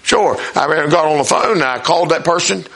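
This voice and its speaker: An older man preaching a sermon, telling folksy stories and swinging between soft asides and loud emphasis. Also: fairly high pitch, quick pace, vocal fry. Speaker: pastor.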